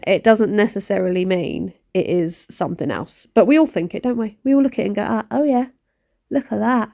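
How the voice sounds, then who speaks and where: A woman, rambling and poking fun at herself in a cleaning vlog voice-over. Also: mid-range voice. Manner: rambling, self-mocking, animated. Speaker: vlogger. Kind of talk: chatty voice-over while cleaning.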